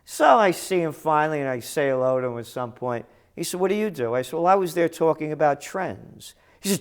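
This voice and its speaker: An older man hosting a trends commentary show, delivering a combative, sarcastic ranting monologue that breaks into shouted insults. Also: high voice, lively intonation, moderate pace.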